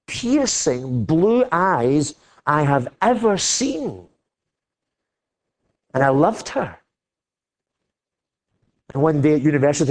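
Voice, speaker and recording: Older Scottish male preacher, slow deliberate delivery, impassioned and emphatic. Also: mid-range voice. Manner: impassioned preaching, rising to loud emphatic declarations. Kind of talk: sermon.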